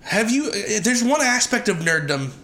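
A man's voice: high-pitched, big pitch swings, normal speed, sharp tone. A man co-hosting a podcast in casual chat, laid-back and full of fillers. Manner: laid-back, many fillers like "you know". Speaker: podcast co-host.

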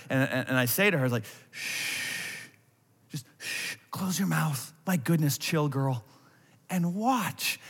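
A man in his thirties preaching a sermon as a pastor, animated, swinging from loud acted-out worry to a hushed voice. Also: medium pitch. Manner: animated, acts out anxious voices, drops to a hush. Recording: long hall reverb.

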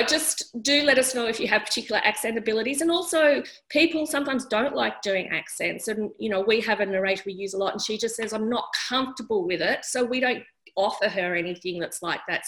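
A woman who produces audiobooks, explaining her studio's work in a panel discussion and pausing often on "um". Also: medium pitch, a bit bright, poor audio. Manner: friendly, explanatory, many ums.

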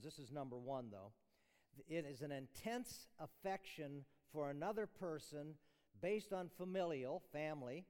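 A man's voice: on the high side, darkish tone. A man giving a chapel sermon, teaching conversationally and asking the room rhetorical questions. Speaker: chapel speaker. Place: large chapel. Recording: long hall reverb.

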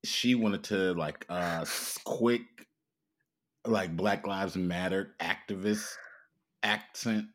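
A man's voice: low-pitched, steady tone, slow. A man co-hosting a podcast, talking in a blunt, incredulous, profane way. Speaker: podcast co-host. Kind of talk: casual chat.

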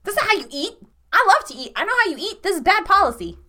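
A woman's voice: very high voice, sing-song, quick pace, pushed and bright, voice pushed up, full character voice. A woman playing a stubborn, defiant oni woman in a fine dress in a tabletop game, arguing and bossy.

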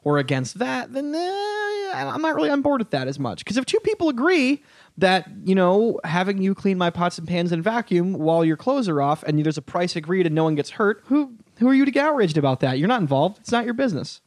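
A man's voice: sits high, sing-song, a little fast, dry recording, clean studio sound. A man hosting a casual podcast chat who laughs often and swears freely. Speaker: podcast host.

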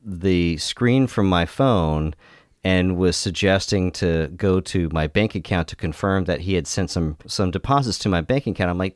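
A man co-hosting a casual chat, telling his story at length in a relaxed way. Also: low voice, no echo, clean studio sound.

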